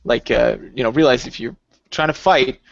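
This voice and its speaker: A man co-hosting a podcast in casual chat, animated and rambling, laughing a lot. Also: mid-range voice, moderate pace, gravelly, dry recording. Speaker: podcast co-host. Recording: dull lo-fi sound.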